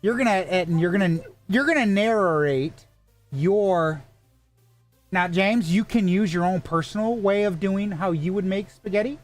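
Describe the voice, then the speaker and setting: Animated game master; rambling, profane, casual narration. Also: mid-range voice. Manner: rambling, swears heavily, many restarts.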